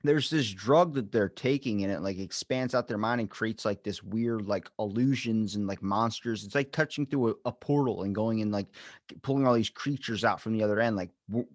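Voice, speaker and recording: A man in casual podcast chat, rambling and animated, acting out quotes as he retells stories. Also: lowish voice, moderate pace, no room sound, studio quality.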